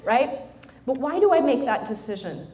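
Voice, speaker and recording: A middle-aged woman giving a humorous motivational talk to a live audience, animated and joking as she speaks straight to the listeners. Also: sits high, moderate pace. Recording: roomy hall sound with faint noise.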